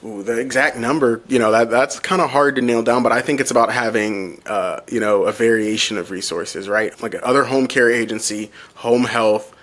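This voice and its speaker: An earnest man speaking as a podcast guest, mid-pitched and conversational. He tells stories loosely, circling back and restarting as he goes. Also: moderate pace, hardly any pauses, a bit bright. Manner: earnest storyteller, frequent restarts and "you know". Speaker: home care agency owner, guest. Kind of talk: casual interview.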